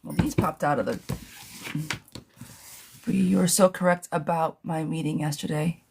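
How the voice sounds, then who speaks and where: A woman doing a live tarot reading for viewers, answering them in a playful, gossipy way. Her voice sits on the low side and she calls everyone darling or girl. A faint background noise runs under the recording. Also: fairly even intonation, measured pace, vocal fry, pauses often, darkish tone. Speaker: tarot reader.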